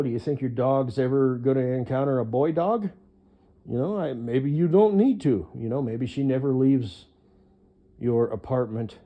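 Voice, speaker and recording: A man with a mellow, medium-pitched voice gives a rambling one-sided monologue, swearing freely and padding his speech with fillers and hesitations.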